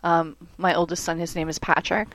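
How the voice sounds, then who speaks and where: A woman chatting on a podcast as a guest, playful and quick to laugh. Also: on the low side, little pitch movement, fairly bright tone, dry recording. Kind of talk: casual chat.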